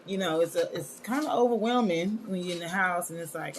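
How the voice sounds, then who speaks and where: Woman host, lowish voice, loose chatty live-stream delivery, faint room noise behind. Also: a little fast. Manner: chatty, scattered, addresses viewers as y'all. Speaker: wellness show host. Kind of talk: casual live-stream talk.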